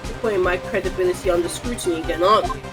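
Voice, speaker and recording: A man's voice: sits high, rapid-fire, music in the background, close to an everyday voice. A man doing a snappish, scolding old security-guard lady. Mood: snippy. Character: nosy, bossy old woman security guard. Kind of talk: reading game dialogue aloud on a stream.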